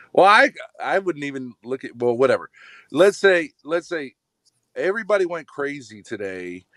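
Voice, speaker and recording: A man's voice: on the high side, big pitch swings, a little slow, fairly bright tone, dry recording. Rambling man with a dry sound. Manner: rambling, eager to lay out a theory. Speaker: panel guest. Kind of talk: casual live-stream panel chat.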